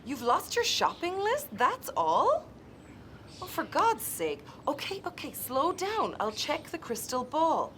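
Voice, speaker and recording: A woman's voice: high-pitched, wildly swooping pitch, takes it slowly, a bit bright, a little hiss or hum, exaggerated voice. A woman playing a tense painter and harried phone psychic in a comic TV sketch, impatient and exasperated. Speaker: sketch character.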